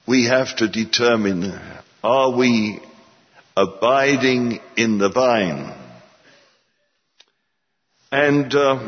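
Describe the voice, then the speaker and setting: A man preaching a sermon, slow and deliberate, stern and rising for emphasis. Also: on the low side, slightly rough. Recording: dull sound in a long-echoing hall.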